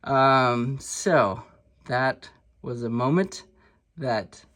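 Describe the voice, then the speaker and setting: A man's voice: medium pitch, drawn-out words, slight background noise. Man, thirties, easygoing card-collecting vlogger, rambling and self-deprecating delivery. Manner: relaxed and rambling, with many fillers and restarts. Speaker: sports card collector and channel host. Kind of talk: casual storytelling vlog.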